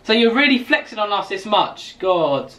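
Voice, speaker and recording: A man's voice: high-pitched, very animated, moderate pace, fairly bright tone. A young man from England with a London accent, hosting a casual video chat and teasing strangers with mock insults while laughing often. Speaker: YouTuber host.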